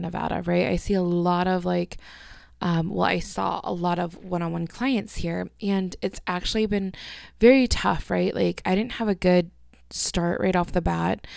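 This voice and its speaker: Her voice on the low side, gravelly and a little mellow, a young woman hosts a casual solo podcast and gushes to her listeners. She leans heavily on "like" and "um" and yawns now and then. It's recorded at studio quality with no echo.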